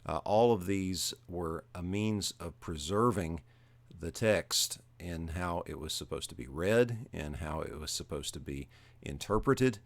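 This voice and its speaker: A man teaching a livestream lecture, explaining step by step in a measured way with frequent filler pauses. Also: low-pitched, vocal fry, no echo.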